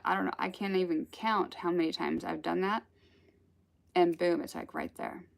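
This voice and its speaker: A woman's voice: lowish voice, vocal fry. A woman giving a casual spiritual talk, telling stories in a rambling, chatty way. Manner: rambling, chatty storytelling with laughs. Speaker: spiritual teacher.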